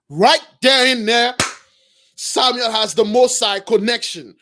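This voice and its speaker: High-voiced, animated street preacher. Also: male voice, takes it slowly, noisy background. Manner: animated, slangy, bursts of shouting. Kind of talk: informal religious storytelling.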